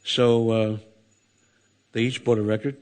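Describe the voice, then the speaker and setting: A man's voice: mid-range voice, flat delivery, a little slow, a little mellow. An older man giving a sermon to a temple audience, telling a story with many asides and acting out the voices. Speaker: temple speaker. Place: temple hall before an audience.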